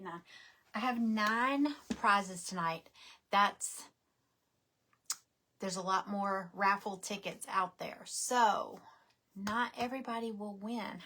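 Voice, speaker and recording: Slow-talking woman hosting a livestream. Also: mid-range voice, steady tone, sharp tone. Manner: slow, chatty, drifts to muttering to herself. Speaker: craft livestream host. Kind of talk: casual livestream chat.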